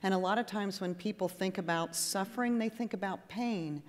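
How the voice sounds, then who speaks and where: A woman nurse practitioner giving a lively, conversational lecture to a patient audience and acting out exchanges with patients. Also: medium pitch, normal speed. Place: conference hall with audience. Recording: echoey hall.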